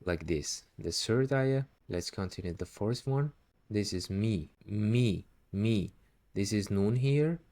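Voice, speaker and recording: Slow, patient man teaching recitation. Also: lowish voice, expressive, dark tone. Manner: patient, repeats syllables slowly and drawn out. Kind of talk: slow step-by-step recitation lesson.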